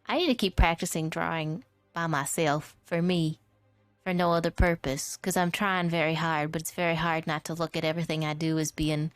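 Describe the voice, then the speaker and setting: A woman's voice: low voice, fairly even intonation, normal speed, smooth, no room sound, faint music behind. A woman streamer chatting casually and playfully while drawing, rambling from one joke to the next and laughing often. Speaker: vtuber streamer.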